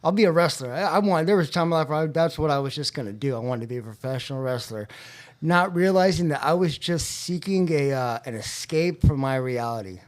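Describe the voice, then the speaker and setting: Guy from california telling his recovery story, earnest and heartfelt, kinda high voice. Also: animated, a little fast. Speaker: podcast guest.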